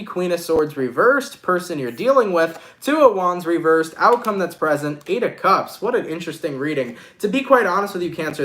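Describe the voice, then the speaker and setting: Casual, swearing male tarot reader. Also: high voice. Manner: casual, expressive, swears freely. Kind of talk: live-streamed tarot reading.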